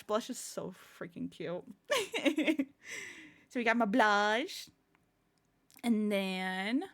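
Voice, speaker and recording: A woman's voice: medium pitch, a bit bright. A young woman streamer chatting casually with her viewers, giggling often and gushing. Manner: giggly, laughs often and gushes. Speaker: streamer showing her new avatar. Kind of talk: casual live-stream chat.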